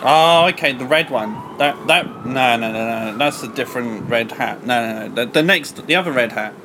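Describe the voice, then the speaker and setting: A man's voice: medium pitch, moderate pace, noisy background, close to an everyday voice. A man voicing a polite, patient bear who stammers while hunting for his lost hat. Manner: mild, stammering, persistent.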